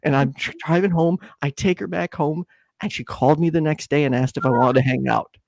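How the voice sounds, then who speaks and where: This podcast co-host, a man in his twenties, relates a story with animation and performs the quoted lines in a high, raised voice. He talks briskly with a creaky quality, in a dry recording.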